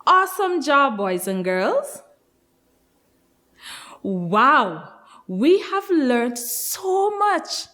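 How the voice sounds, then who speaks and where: A woman leads a nursery phonics lesson in a bright, sing-song teacher's manner. Her pitch sits a little high and leaps around as she prompts the children, and she draws every word out very slowly. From Guyana.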